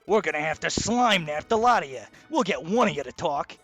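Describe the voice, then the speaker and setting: A man voicing a gang of gruff male platypus mobsters with a tough-guy gangster drawl. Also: on the high side, expressive, fairly quick, fairly bright tone, soft background music. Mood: menacing.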